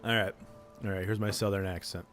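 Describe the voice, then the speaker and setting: A man's voice: lowish voice, flat delivery, a little fast, a bit bright, faint music behind. A man streaming live, chatting goofily with his viewers and laughing often. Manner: goofy, laughs a lot, chats with viewers. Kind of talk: casual live-stream chat.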